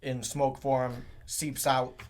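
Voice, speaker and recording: A man co-hosting a podcast, casually discussing comics in a halting way with many likes. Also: mid-range voice, little pitch movement, darkish tone. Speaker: podcast co-host. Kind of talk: casual comic book chat.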